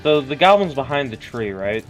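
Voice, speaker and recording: A man playing a tabletop game, talking casually and working out his moves aloud with hesitant fillers. His voice is mid-pitched, with faint music behind him. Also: very animated, normal speed. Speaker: player.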